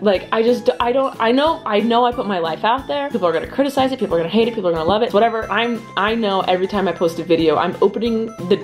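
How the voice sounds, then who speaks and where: A young woman rants casually into her vlog camera, chatty and a little exasperated, stumbling into quick restarts as she goes. Her voice sits at an ordinary middle pitch, and soft music plays faintly underneath. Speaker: vlogger.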